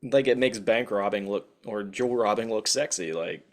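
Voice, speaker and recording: A man who is a guest on a podcast, chatting in a relaxed, blunt way and swearing casually. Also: on the low side, normal speed. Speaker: guest writer. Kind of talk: casual chat.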